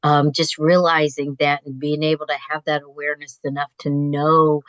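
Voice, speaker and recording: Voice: mid-range voice, level tone, normal speed, few pauses, a bit bright, no echo, dull audio. A host interviewing a guest, talking in an enthusiastic, reflective way with many fillers. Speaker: host, therapist. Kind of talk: conversational interview.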